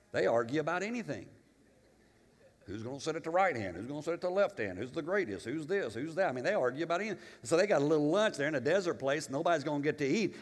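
A male pastor preaching a sermon, animated and emphatic, with humorous asides and storytelling. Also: mid-range voice, big-room sound.

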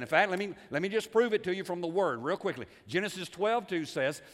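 A man preaching a sermon as pastor, animated, moving between quiet asides and loud emphasis, repeating words and asking the congregation questions. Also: sits high, quick pace, hardly any pauses. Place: church sanctuary. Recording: long reverb of a church hall.

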